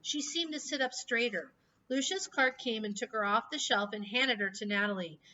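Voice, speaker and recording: Bright-voiced woman reading a storybook aloud. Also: a little high, normal speed, slight background noise. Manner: expressive, emotional storytelling. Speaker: reader. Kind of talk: reading a children's book aloud. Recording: slightly distant, dull lo-fi mic.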